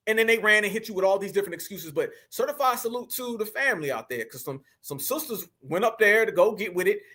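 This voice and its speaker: High, bright-voiced fired-up male commentator. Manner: emphatic, preachy, addresses viewers as family. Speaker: online commentary host.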